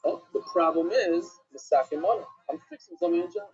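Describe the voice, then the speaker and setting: A man's voice: high voice, fast talker, husky. A man from Brooklyn with a New York accent teaching an informal Talmud class, rambling with conversational asides. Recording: dull lo-fi recording.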